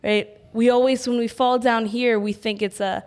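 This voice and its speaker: A young adult woman co-hosting a podcast in casual chat, talking in an animated, giggly way. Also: on the high side, normal speed. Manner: animated, giggly, visual storyteller. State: pregnant. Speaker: podcast co-host.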